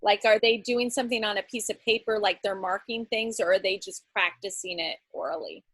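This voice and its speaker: A woman's voice: mid-range voice, steady tone, a little fast, fairly bright tone, husky, no echo. A woman leading an online workshop over a video call, chatty and encouraging, talking in loose, rambling sentences. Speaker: workshop facilitator. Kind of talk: casual online workshop talk.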